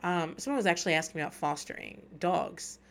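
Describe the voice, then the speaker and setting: A woman's voice: on the low side, expressive, quick pace, vocal fry. A woman in her thirties hosting a podcast, chatting candidly and swearing freely as she recaps a show. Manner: profane, candid and wry. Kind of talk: casual chat.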